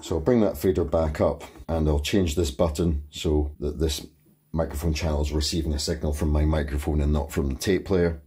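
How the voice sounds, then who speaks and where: A man hosting an equipment tutorial in his home studio. His voice is very deep and dark, with a husky texture. He explains each step methodically. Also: fairly even intonation, fairly quick. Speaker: tutorial host.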